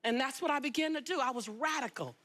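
A woman with a notably high voice tells her life story as a talk show guest. She is from Los Angeles and speaks in an animated, emphatic way. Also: fast. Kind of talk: storytelling interview.

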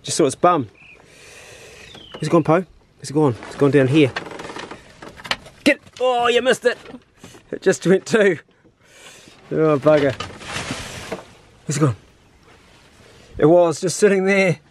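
A man's voice: fairly high pitch, a little slow, long pauses, slight background noise. A man, chatting casually and slangily in his hunting vlog, first out on a farm and then indoors. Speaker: hunting vlogger.

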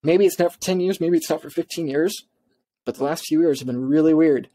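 A man's voice: a little high, fairly quick, mellow. A man speaking as a podcast guest, emphatic and insistent, stumbling over his words in his rush to make his point. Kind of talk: podcast interview talk.

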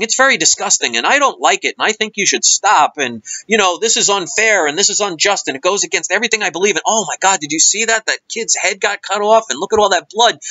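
A man's voice: high-pitched, bright, forceful tone, no room sound, muffled recording. A man voicing an indignant male TV viewer who complains melodramatically to the cable company.

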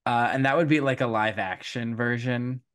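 Man, podcast co-host, casual chat, animated plot recap, laughs a lot, mid-range pitch. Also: normal speed, smooth, no room sound, studio quality. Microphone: podcast microphone.

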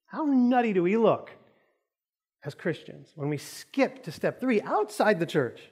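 A man's voice: high-pitched, big pitch swings, a little slow, a little mellow, breathy edge. A man preaching a sermon in a church, telling a joking story with lots of energy. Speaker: pastor. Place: church auditorium.

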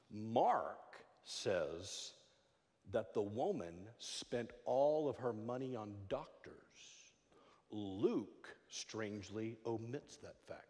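A middle-aged man preaching a sermon in a church, joking and stammering through quick restarts. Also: medium pitch. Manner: animated, jokey preaching with frequent stammered restarts. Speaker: pastor. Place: church sanctuary. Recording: long hall reverb.

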